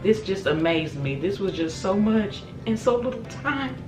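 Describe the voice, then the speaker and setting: A woman vlogger giving excited casual reaction commentary on a music video and exclaiming to her viewers. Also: medium pitch, moderate pace. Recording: echoey room with music playing.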